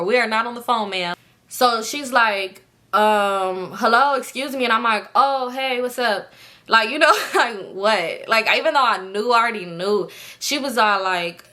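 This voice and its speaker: A young woman with a bright, forceful voice tells a personal story straight to her viewers. She talks in loose slang, swears a lot and jumps into the voices of the people she quotes, her delivery animated. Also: medium pitch. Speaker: storytime vlogger.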